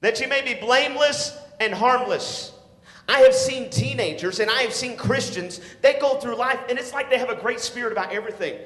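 A man preaching a sermon to teenagers, swinging from shouts to hushed tones and calling for responses. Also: very high voice, fairly quick. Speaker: youth pastor. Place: church sanctuary. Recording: echoey hall.

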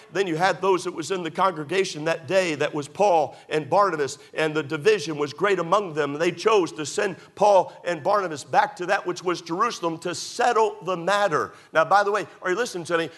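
Emphatic preacher, higher-pitched. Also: male voice, fairly quick, hardly any pauses, fairly bright tone. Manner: emphatic preaching with rhetorical questions and folksy anecdotes. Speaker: pastor. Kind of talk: sermon.

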